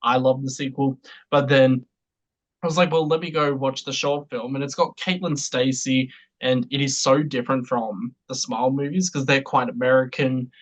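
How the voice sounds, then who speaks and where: A podcast co-host chatting casually, telling stories in an animated way, laughing often and speaking bluntly. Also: mid-range voice, normal speed, rough recording.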